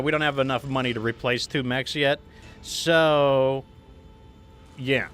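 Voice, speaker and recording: A man with a mid-range, slightly bright voice hosts a live game stream, with a little hiss or hum on the recording. He chats casually while gaming, rambling with lots of fillers and restarts as he reads viewer messages aloud.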